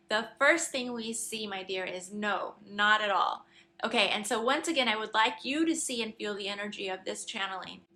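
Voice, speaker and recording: A woman's voice: mid-range voice, creaky, bright, forceful tone. A woman hosting a spiritual podcast, earnestly introducing channeled answers to listener questions. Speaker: host and channeler.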